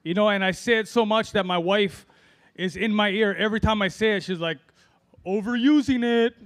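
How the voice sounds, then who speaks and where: A middle-aged man from Hawaii doing an open-mic stand-up set, rambling through stories with lots of fillers and pauses. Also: high-pitched, fairly even intonation, a bit bright, clear, resonant tone. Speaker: amateur stand-up comic.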